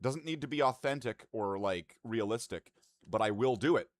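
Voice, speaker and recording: A man's voice: mid-range voice, animated, normal speed. A man streaming live and chatting casually with his viewers in profane, rambling, mock-indignant banter.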